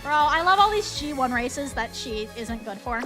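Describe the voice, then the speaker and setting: Bright, high-voiced chatty woman streamer. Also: lively intonation, moderate pace, faint music behind. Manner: chatty, rambling, self-mocking. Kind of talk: casual game commentary.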